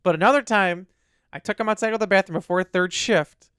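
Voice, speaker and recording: A man co-hosting a podcast in casual chat, telling an animated story and acting out what his dog would say. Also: high-pitched, fairly quick, clean tone, dry recording, clean studio sound. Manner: animated storyteller, acts out his dog's lines. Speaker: podcast co-host.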